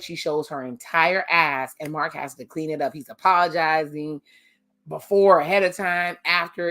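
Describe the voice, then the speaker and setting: A young woman with a lowish voice recaps a reality show at home. She is sassy and animated, full of slang, and she acts out her reactions in mock quotes. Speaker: TV recap vlogger. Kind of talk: casual TV review.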